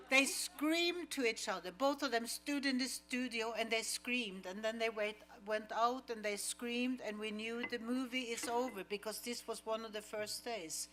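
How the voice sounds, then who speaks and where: Slow, measured woman telling stories on stage. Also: on the high side, fairly bright tone. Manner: slow and measured, acting out quoted lines. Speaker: actress, guest at a screening Q&A. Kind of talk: audience Q&A storytelling. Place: cinema auditorium.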